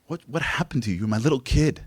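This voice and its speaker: A man's voice: medium pitch, animated, quick pace, no room sound, lightly acted. A man voicing God as a loving, exasperated parent who pleads with rising emphasis. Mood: pleading.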